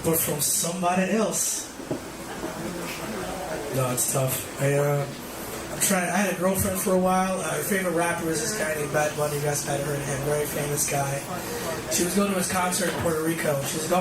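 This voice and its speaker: A man's voice: a little high, steady tone, fairly quick. A man performing a live stand-up set with crowd work, talking in rambling, self-deprecating asides from a comedy club stage. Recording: echoey club audio from far off. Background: loud room ambience and audience.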